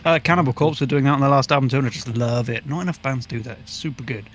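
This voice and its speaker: A man's voice: mid-range voice, very fast, a little hiss or hum. A man co-hosting a casual album review podcast, joking crudely and laughing often.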